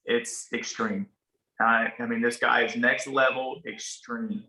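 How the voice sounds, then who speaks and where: Bright-voiced rural Ohio man telling stories. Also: mid-range voice, steady tone, slow. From small town in Ohio. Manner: laid-back, swears, acts out quoted dialogue. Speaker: podcast guest, barber. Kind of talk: casual storytelling. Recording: roomy echoey room.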